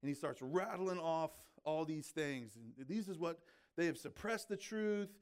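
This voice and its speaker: A pastor with a fairly high, smooth, expressive voice speaks a little slowly through a conversational sermon. He chats casually, filling his speech with "like" and "right?" and regularly checking in with his listeners.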